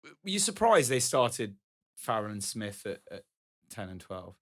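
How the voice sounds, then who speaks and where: A man's voice: on the low side, very animated, a little slow. Man, podcast co-host, inquisitive, casual interview. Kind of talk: interview questions.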